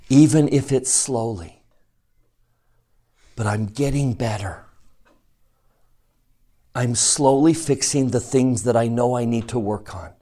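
A man teaching a classroom scripture lesson, emphatic and animated, asking the class questions and reading verses slowly and deliberately. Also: medium pitch. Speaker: religion teacher.

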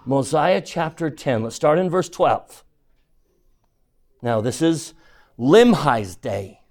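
Man, fairly high voice, scripture class teacher who reads verses aloud and keeps quizzing the room. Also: big pitch swings, slow, darkish tone.

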